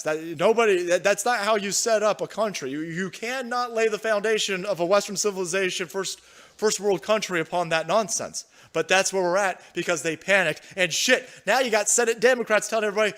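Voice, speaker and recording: High-voiced man on a profane, angry rant. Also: a little fast, fairly bright tone. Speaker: livestream political commentator. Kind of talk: ranting live commentary.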